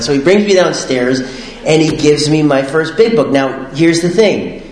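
A man casually telling his personal recovery story, rambling and animated, full of fillers and laughing often. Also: on the high side, moderate pace, echoey room, rough recording.

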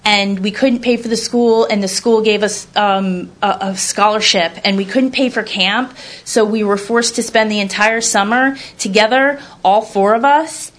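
A woman's voice: medium pitch, fairly even intonation, moderate pace, few pauses. A woman sharing a candid personal testimony in a blunt, rambling way, casually swearing and telling her story with animation.

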